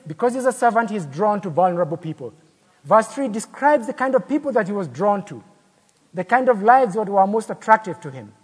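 Preacher guy, kinda high and husky voice, long echo like a big church hall. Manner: storytelling, acts out quoted voices, rhetorical questions. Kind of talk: sermon.

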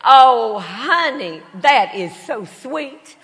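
Picture a warm, effusive Texan lady who calls everyone honey and gushes with a sweet drawl, as a woman speaker puts her on. She sounds loud and bright next to the speaker's usual voice. The voice rings out in a long hall echo. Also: sits high, expressive, extremely slow, very noisy, full character voice. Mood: gushing. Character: gushing friendly Texan woman airline passenger.

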